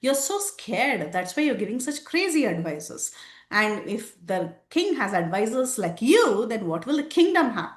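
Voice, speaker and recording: A man's voice: very high-pitched, very animated, measured pace, full character voice. A woman voicing a giant male demon warrior who speaks bluntly and with scorn, in a roomy, echoing space. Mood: scornful. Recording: roomy echo.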